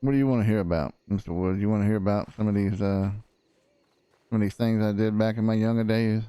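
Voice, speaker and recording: A man's voice: lowish voice, steady tone, fast, warm tone, clear, resonant tone, no room sound. A man roleplaying a cranky old frontier prosecutor, rambling in a folksy way with lots of fillers. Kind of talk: in-character roleplay chat.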